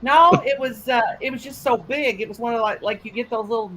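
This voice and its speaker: A woman's voice: a little high, fairly quick, noisy background. A woman, hosting a casual live chat and telling folksy stories with a laugh. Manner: folksy storytelling, laughs often. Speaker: host, mother.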